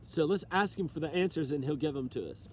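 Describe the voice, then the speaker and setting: High-voiced earnest male preacher outdoors. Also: darkish tone, a little hiss or hum. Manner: earnest, preachy, reads scripture slowly. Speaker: self-styled preacher. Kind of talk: emotional motivational sermon to camera. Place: outdoors near trees, alone.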